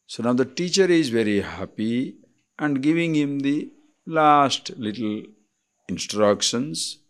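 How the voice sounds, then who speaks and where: In a mid-range, slightly bright voice with lively intonation, an Indian-accented swami explains scripture deliberately in a spiritual discourse, pausing for rhetorical questions to check in.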